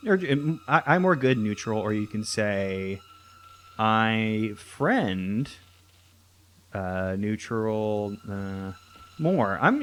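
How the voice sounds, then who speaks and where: A man's voice: fairly low pitch, clear, resonant tone. A young man giving casual gameplay commentary, rambling and thinking aloud with lots of restarts. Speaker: let's play host.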